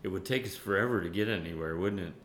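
A man preaching a sermon in an animated way, laughing often and dropping to a hushed tone when he voices prayers. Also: low-pitched, fast talker, echoey room, slight background noise. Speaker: pastor. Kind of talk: sermon with Bible study.

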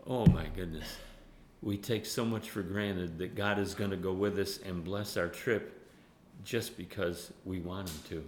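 A man preaching a sermon in an animated way, laughing often and dropping to a hushed tone when he voices prayers. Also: low-pitched, unhurried, echoey room, a little hiss or hum. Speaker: pastor. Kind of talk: sermon with Bible study.

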